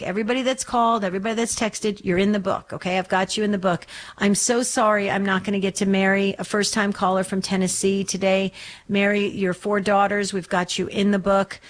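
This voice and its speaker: A woman's voice: medium pitch, level tone, brisk. A woman hosting a faith call-in radio show, talking earnestly and rambling with lots of ums and restarts. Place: Arizona studio.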